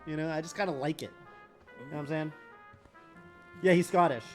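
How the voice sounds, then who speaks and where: Rambling man with a higher voice. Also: a little fast, darkish tone, faint music behind. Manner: rambling, heavy on fillers and restarts. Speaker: game streamer. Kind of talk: casual chat while streaming.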